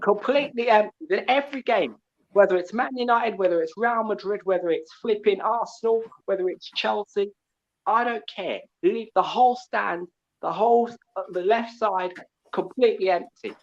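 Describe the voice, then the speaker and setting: A man's voice: sits high, dull audio. A man in his twenties from Portugal, calling in to a live show with a combative rant and a habit of asking "yeah?" after his points. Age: 20s. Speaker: caller. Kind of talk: fired-up call-in rant.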